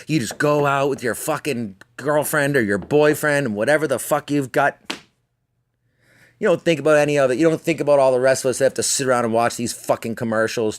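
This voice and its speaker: Hosting a podcast by himself, a man with a mid-range voice tells a long, wandering story at a fairly quick clip, with a slight hiss or hum in the background. He curses in almost every sentence, pokes fun at himself along the way, and occasionally puts on voices for the characters in his tale.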